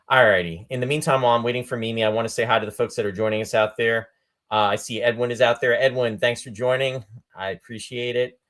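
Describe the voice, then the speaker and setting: A man's voice: mid-range voice, steady tone, fast, a bit bright. A male host chatting on a live video stream, upbeat and talkative, greeting viewers by name. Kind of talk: casual live-stream chat.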